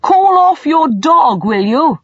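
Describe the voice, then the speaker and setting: A woman's voice: a little high, big pitch swings, unhurried, breathy edge, no echo, highs cut off, voice pushed up, exaggerated voice. A woman voicing a determined young male traveller who speaks in an earnest, clipped way, in a storybook reading. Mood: insistent.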